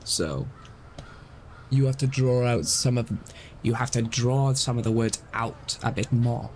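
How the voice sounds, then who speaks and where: A young man chatting through a live game stream. His voice sits at a middle pitch, and he rambles, circling back to explain himself self-consciously. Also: level tone, moderate pace, darkish tone, slight background noise, rough recording.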